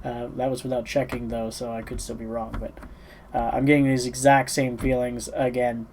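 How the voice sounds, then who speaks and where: A man's voice: mid-range voice, flat delivery, moderate pace, a little mellow, slight background noise, rough recording. A sleepy man giving casual reaction commentary on a song, talking in a rambling, hesitant way with lots of fillers and restarts. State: sleepy, yawning. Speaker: music reaction channel host.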